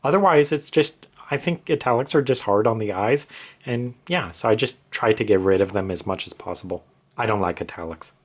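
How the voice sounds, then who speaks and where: A man with a somewhat low voice talks casually over his own screen, walking through edits one by one. He rambles, restarts sentences and leans on fillers as he thinks aloud. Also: a little fast. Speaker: author explaining his edits. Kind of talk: casual explanation to camera.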